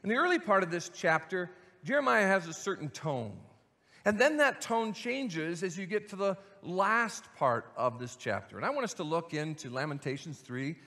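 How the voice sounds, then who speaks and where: High bright-voiced pastor guy preaching, earnest, reverb from the hall. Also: animated, moderate pace. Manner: earnest, reads scripture with rising intensity. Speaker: senior pastor. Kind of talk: sermon with scripture reading.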